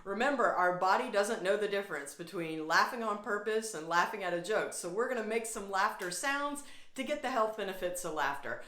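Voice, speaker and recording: A woman's voice: medium pitch, expressive, fairly quick, a bit bright, reverberant. A woman from Atlanta, Georgia, leading a guided laughter yoga class in a cheerful, inviting way. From Atlanta, Georgia, USA. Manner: cheerful, inviting instructor who chants and laughs along.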